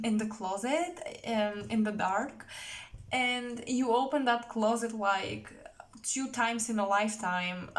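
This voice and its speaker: A young woman giving a casual tarot reading, chatty and rambling, with many fillers and self-corrections. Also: a little high. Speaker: tarot reader.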